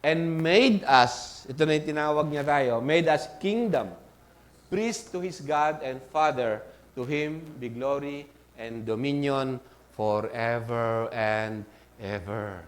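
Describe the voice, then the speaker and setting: A male pastor with a Filipino accent preaching a sermon, mixing English and Tagalog, often asking the congregation "Amen?" and rising from soft asides to loud emphatic peaks. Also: medium pitch, takes it slowly.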